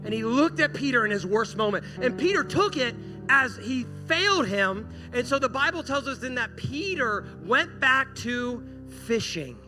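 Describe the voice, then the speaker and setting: A man delivering a sermon with a notably high-pitched voice, telling the story with lively acted-out dialogue. Music plays clearly underneath him the whole time. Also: normal speed. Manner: animated storytelling, acting out quoted dialogue. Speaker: pastor. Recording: music playing behind.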